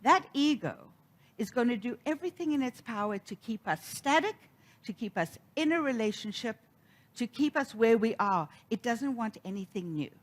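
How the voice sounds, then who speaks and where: Middle-aged woman preacher, animated storyteller with a lively, swooping delivery. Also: a little high, moderate pace. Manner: storytelling, animated, acts out quoted voices. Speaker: minister. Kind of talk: sermon.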